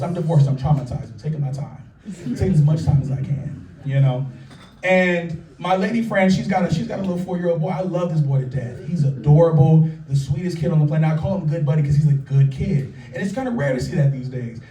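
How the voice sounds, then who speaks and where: A man from California doing a stand-up comedy set at a live show, telling stories in an animated, profane way. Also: fairly high pitch. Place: live show at a small local art venue. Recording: roomy, distant mic, audience laughter.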